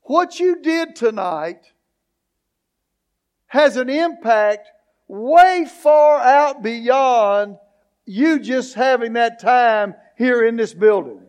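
Male pastor, very high voice, slow deliberate sermon delivery with emphatic peaks. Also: lively intonation, a little mellow. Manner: preaching, rising to emphatic questions, slow deliberate phrasing.

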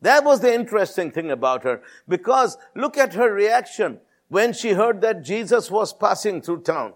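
A man's voice: high-pitched, sing-song, normal speed, few pauses. A man preaching a sermon in an emphatic, repetitive style, calling out to his listeners.

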